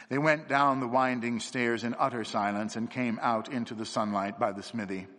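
Man, storyteller, measured story reading, mid pitch, long reverb. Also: fairly even intonation, a bit bright. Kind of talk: audiobook-style story reading.

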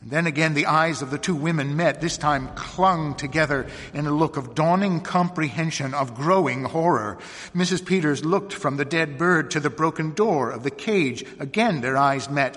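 A man narrating a story aloud in a measured, hushed reading voice. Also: mid-range voice, in a large hall.

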